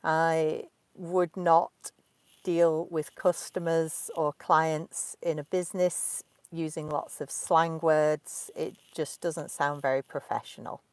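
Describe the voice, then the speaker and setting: Slow, clear woman with a Derbyshire accent. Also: low voice, little pitch movement, a little mellow, no room sound. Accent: Derbyshire English, clearly spoken. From Derbyshire, England. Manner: slow, clear teaching speech. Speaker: English teacher. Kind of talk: live Q&A for English learners. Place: inside a parked car.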